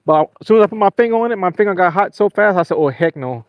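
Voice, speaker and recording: A man's voice: high-pitched, very fast, clean tone, no room sound, muffled recording. Fired-up man fishing live. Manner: excitable, venting, apologetic. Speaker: fishing livestream host. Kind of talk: casual live-stream talk to viewers. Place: small boat on open water.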